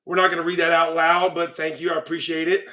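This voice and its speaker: High, bright-voiced mocking male streamer. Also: completely flat delivery, quick pace. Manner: mocking, ranting at chat. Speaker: livestream host. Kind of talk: casual livestream chat.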